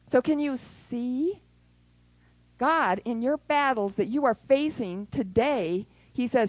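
Animated woman preaching a sermon. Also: on the high side, takes it slowly, no room sound, rough recording. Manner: animated, acts out prayers and scenes with sound effects.

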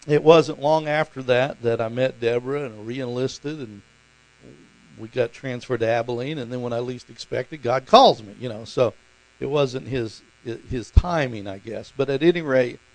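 A man's voice: medium pitch, normal speed, low-quality recording. A middle-aged man preaching a sermon, telling stories in a folksy way with chuckles and fillers. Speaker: pastor.

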